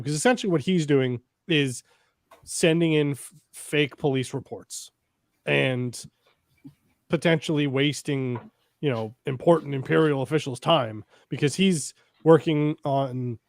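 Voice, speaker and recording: A man's voice: medium pitch, measured pace, no echo, studio quality. A man co-hosting a casual review podcast, rambling and swearing freely as he acts out lines from the episode. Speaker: podcast co-host.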